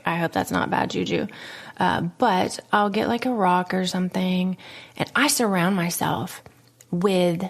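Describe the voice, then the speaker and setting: Podcast host, thirties woman: low, fry-laden voice, dramatic personal storytelling, quick whispers and laughs. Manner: dramatic, emotional, laughs often, slips into whispers.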